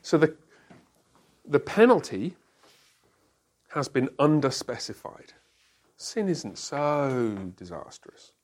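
A man's voice: mid-range voice, sing-song, slow, long pauses. A man leading a Bible study group. He asks the group questions and explains each point step by step, using everyday examples.

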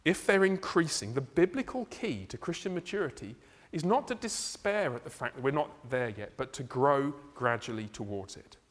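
A man preaching a sermon in a church, conversational and animated, with laughs and asides. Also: medium pitch, normal speed. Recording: reverberant hall.

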